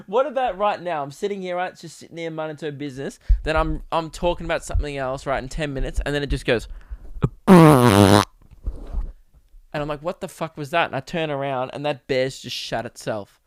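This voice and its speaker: Brief: young Australian man, higher-pitched smooth voice, loose comic podcast rant. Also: no room sound, clean studio sound. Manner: rambling, animated, swears freely. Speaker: podcast host. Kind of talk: casual comedic monologue. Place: home podcast setup.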